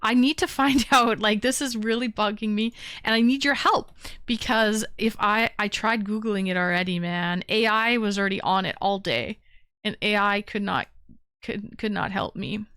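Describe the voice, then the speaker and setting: A young woman hosting a live-streamed call-in show, chatting casually and getting excited as she talks. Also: medium pitch, moderate pace, smooth, no room sound, studio quality. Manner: excitable, chatty, bursts into shouting and humming beats.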